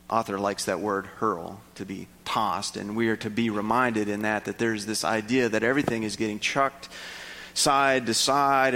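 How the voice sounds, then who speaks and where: A man preaching a sermon, stirred and lively, asking his listeners rhetorical questions. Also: long reverb tail. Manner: animated, rhetorical questions, rising pitch when stirred. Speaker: pastor.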